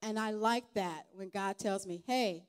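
At a church event, a guest speaker gives a casual testimony sermon in a steady, clear, resonant mid-range voice. She sounds earnest and conversational, though she hesitates and restarts frequently.

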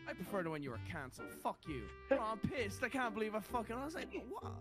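Male streamer, high lively voice, profane and loud, casual gaming chat over loud music. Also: fast talker. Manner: loud, profane, swings from shouting to muttering. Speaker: streamer playing with friends.

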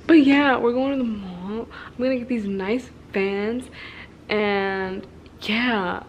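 A woman's voice: medium pitch, takes it slowly, lo-fi sound, a little hiss or hum. A young woman vlogging with her friends, chatting casually and giggling while she plays around with silly accents.

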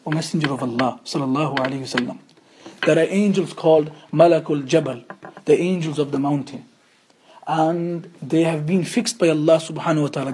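A man gives a religious lesson and tells the story with earnest conviction. His voice sits fairly high yet sounds mellow and warm. A faint hiss runs underneath the recording. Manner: earnest storytelling with emphatic rhetorical questions. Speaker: Islamic studies teacher.

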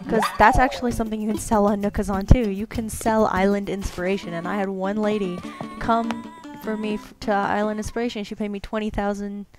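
A woman hosting a gaming video, chatting casually and rambling upbeat while she plays. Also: mid-range voice. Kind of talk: casual gameplay commentary.

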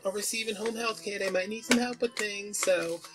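A gentle, polite home care aide woman who talks in a soft, courteous way, as a man puts her on. The voice sits far higher than the speaker's usual pitch. Christmas music plays in the background. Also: steady tone, normal speed, lightly acted. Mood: sweet, polite.

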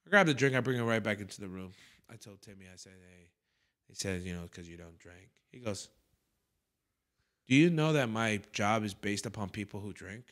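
With a lowish voice at a normal speed, a male comedy podcast host relays an anecdote in a loose, foul-mouthed style. He animates the story by performing what other people said.

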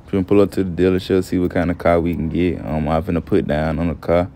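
Deep-voiced young man telling a slangy story. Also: little pitch movement, fast talker, mellow. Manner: laid-back, profane, says "you feel me" often. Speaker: gameplay storyteller. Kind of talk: casual slangy story narration.

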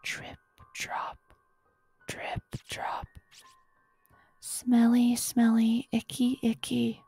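Whispered role-play: woman doing a breathy, slow, taunting ghost, morbid and singsong. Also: a little high, monotone, dark tone, no echo, faint music behind, voice pushed up, exaggerated voice. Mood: gleeful creepy. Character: creepy whispering spirit voice, gleeful and morbid.

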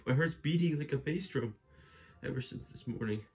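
A jittery little mushroom guard, as a man voices him. His voice is high and thin, with a strained, odd timbre. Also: moderate pace, gravelly, a little mellow, close to an everyday voice. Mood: nervous.

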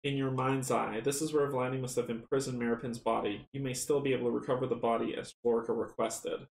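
A man casually running a board game playthrough, chatty and excitable, counting dice rolls aloud. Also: medium pitch, fast, vocal fry. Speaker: tabletop game runner and player. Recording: roomy echo, faint noise.

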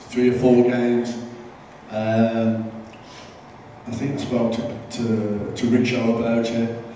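Dark-voiced man telling stories in an echoey hall. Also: mid-range voice, a little hiss or hum. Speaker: former football manager. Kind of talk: live podcast storytelling. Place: live event venue. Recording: roomy live hall from far off.

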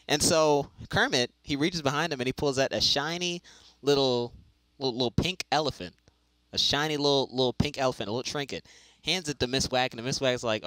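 A man's voice: mid-range voice, normal speed, fairly bright tone, dry recording, poor audio. A man telling a long joke in casual chat, rambling and repeating his words as he goes. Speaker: joke teller.

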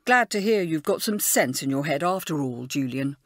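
A woman's voice: sits low, animated, normal speed, no echo, studio quality. A woman reading an audiobook, voicing a jealous schoolboy who speaks in a sneering, resentful way. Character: jealous, gloomy schoolboy cousin. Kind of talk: audiobook character voice.

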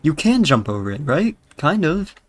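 A man's voice: a little high, very animated, normal speed. A young man with a British accent giving crude, rambling, jokey commentary while playing a zombie video game. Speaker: gaming YouTuber. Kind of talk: casual gameplay commentary.

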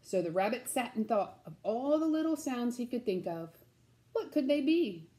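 A woman reading a children's story aloud in a gentle, sing-song, slow way. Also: on the high side, big pitch swings.

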